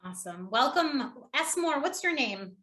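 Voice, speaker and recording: A woman runs a live online speaking workshop in a high, bright voice. She keeps things upbeat and encouraging, laughing easily with her participants. She talks over a computer mic on a video call. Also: big pitch swings, moderate pace. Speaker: public speaking trainer hosting a webinar.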